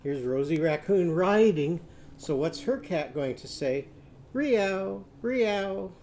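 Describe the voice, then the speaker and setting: A man teaching a children's literacy lesson, modeling speech sounds slowly and leading the class to repeat them. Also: a little high, warm tone, a little hiss or hum.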